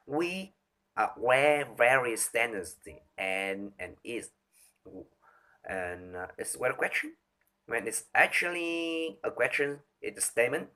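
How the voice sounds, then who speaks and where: A man reciting a speech from memory, halting and restarting often as he stumbles over words. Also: mid-range voice, sing-song, sharp tone. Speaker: speaker rehearsing a talk on voice.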